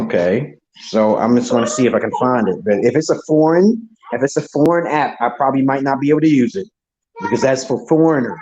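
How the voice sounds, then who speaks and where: A man's voice: medium pitch, darkish tone, muffled recording. A man hosting a casual call-in livestream, rambling and crude, with stammering restarts. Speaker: livestream host. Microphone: online stream call.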